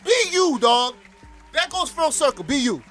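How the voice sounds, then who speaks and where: An animated man telling stories as a podcast guest, his voice leaping high and low with a bright, sharp edge. He talks in a lively, excitable way. Music plays behind him. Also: normal speed. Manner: animated, laughing, voice jumps high when excited. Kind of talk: animated storytelling chat.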